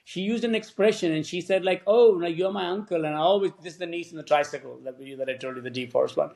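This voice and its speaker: A man, a film director, telling lively stories in a podcast interview and acting out what other people said. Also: on the high side, fast talker, creaky. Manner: animated anecdotes, acts out quoted voices.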